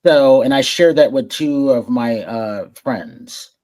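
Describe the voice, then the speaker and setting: A man guest on a podcast, telling stories in a warm, friendly, animated way, often restarting his sentences and acting out other people's lines. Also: medium pitch, slow pace. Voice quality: warm and friendly voice-over delivery. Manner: animated, acts out quoted voices, repeats words when starting. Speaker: podcast guest, entertainment journalist. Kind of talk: casual interview storytelling.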